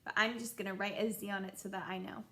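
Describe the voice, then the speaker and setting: A young woman teaching a children's phonics lesson, sounding out letters in a slow, encouraging sing-song way. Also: mid-range voice, little pitch movement, fairly bright tone. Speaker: kindergarten teacher.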